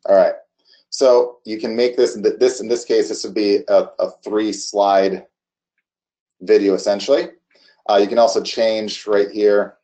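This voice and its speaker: A man casually walking through a software demo on screen, halting often with restarts and fillers. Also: fairly low pitch, fairly even intonation. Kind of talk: casual screen-share walkthrough.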